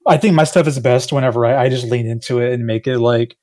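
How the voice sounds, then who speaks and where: A man's voice: mid-range voice, steady tone, quick pace, warm tone. A man, a game developer, chatting casually on a panel, rambling and self-deprecating, laughing often.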